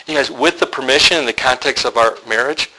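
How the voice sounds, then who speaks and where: A man's voice: mid-range voice, brisk, bright, forceful tone, a little hiss or hum, low-quality recording. A man speaking to a group of men in a sermon, a candid, joking storyteller who acts out the people he quotes. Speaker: men's ministry speaker.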